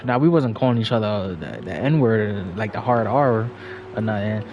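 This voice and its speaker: A man's voice: on the low side, lively intonation, normal speed, darkish tone, lo-fi sound, slight background noise. New man, profane casual storytelling. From New York. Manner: loose, profane, chuckling storyteller. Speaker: livestreamer. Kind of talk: casual storytelling while gaming.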